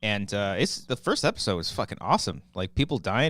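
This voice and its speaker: Man, 30s, low voice, dry close sound, joking podcast banter. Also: sing-song, fairly quick, fairly bright tone, dry recording. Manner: loose, joking, swears freely, trails off and restarts. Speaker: podcast co-host. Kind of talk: casual chat.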